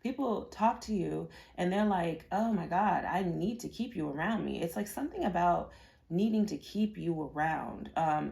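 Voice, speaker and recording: Gravelly low-voiced woman reading tarot. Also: darkish tone. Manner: chatty and rambling, with many fillers and repeated words. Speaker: tarot reader. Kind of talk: casual pick-a-card tarot reading.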